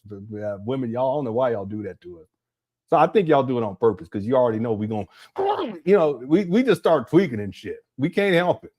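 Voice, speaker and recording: A man hosting casual reaction commentary in a jokey, rambling way, laughing often and calling his viewers family. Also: a little high. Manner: slangy, addresses viewers as family. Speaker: commentary host.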